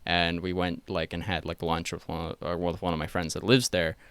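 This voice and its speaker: A man born in Sweden, raised in the States and speaking with an American accent, chatting on a podcast as a guest in a halting, laid-back way with lots of fillers. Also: low-pitched, little pitch movement, a bit bright, smooth, no echo. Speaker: guest musician. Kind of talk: casual podcast chat.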